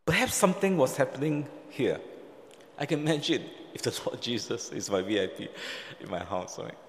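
A man gives a sermon in a church hall. He talks in an easy, conversational way, pausing and restarting, and acts out the lines he quotes. His voice rings with a long hall reverb. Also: mid-range voice, very animated, slight background noise. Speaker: preacher.

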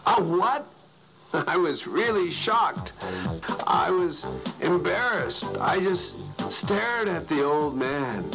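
A man narrating a story in an animated way, his voice swinging widely for emphasis. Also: fairly high pitch, takes it slowly, creaky, over music, low-quality recording.

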